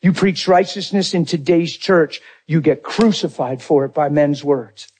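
A male preacher with a husky, slightly high voice gives an unhurried sermon. He swings from loud, rising exclamations to quiet, low asides and drives his points home with force.

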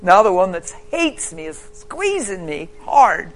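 A man preaching a sermon as personal testimony, telling his story emphatically and swinging between hushed and loud. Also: sits high, very animated, measured pace.

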